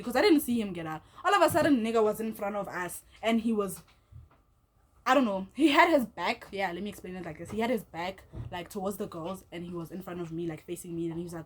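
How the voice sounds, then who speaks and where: A woman telling a storytime vlog. She talks casually, swears freely and acts out each person's lines as she goes. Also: mid-range voice. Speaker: vlogger.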